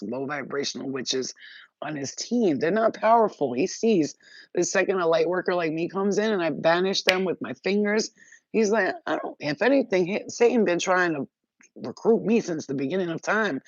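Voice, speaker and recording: A woman telling spiritual stories in a casual, animated and profane way, often laughing. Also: low-pitched, no echo, highs cut off. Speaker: spiritual vlogger. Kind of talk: casual storytelling.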